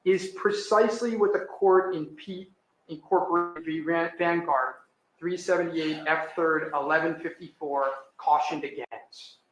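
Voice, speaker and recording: A man's voice: fairly high pitch, measured pace. A man arguing as an attorney before a judge, firm and citing case law, in a courtroom. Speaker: defense attorney. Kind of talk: courtroom argument. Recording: echoey courtroom audio.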